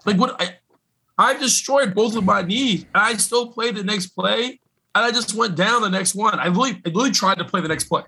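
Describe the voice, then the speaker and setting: A man co-hosting a casual sports podcast, a former college football player who talks in an animated, emphatic, slangy way. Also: sits high, moderate pace, vocal fry, husky, rough recording.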